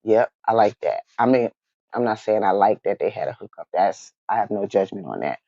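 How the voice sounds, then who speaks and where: A woman's voice: extremely low pitch, expressive, brisk, gravelly, mellow, no room sound. A woman recapping a reality show in a casual chat, keeps breaking into laughter mid-sentence and calls her viewers y'all. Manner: chatty, addresses viewers as y'all. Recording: dry, dull lo-fi sound.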